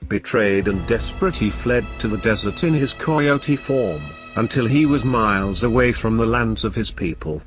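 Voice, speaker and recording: A man telling a folklore horror story in an expressive, theatrical way. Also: medium pitch. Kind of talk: dramatic horror narration.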